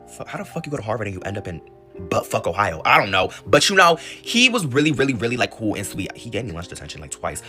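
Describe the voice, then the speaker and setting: A young man telling a school story in a casual, animated and profane way, rambling off on side notes. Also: lowish voice, quick pace, faint music behind.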